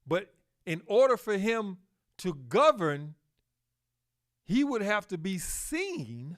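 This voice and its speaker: Slow, halting male podcast host. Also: sits high, very animated, fairly bright tone. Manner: slow, halting delivery with fillers and self-corrections. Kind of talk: solo podcast monologue.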